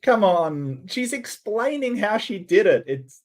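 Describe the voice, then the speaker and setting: A man's voice: high-pitched, big pitch swings, unhurried. An Australian man hosting a reaction commentary, talking in a sarcastic, mocking way. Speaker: commentary host.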